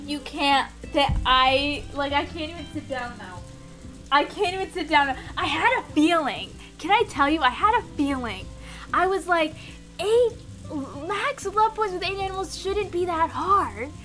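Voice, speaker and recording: A woman streaming a video game live, commenting excitedly and talking straight to her chat. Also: high voice, unhurried, faint music behind.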